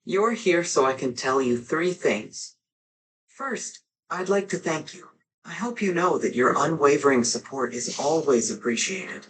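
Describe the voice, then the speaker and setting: An actor voicing a kind, composed young male hero in a video game, speaking softly and sincerely. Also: on the high side, expressive, measured pace, slight background noise, poor audio.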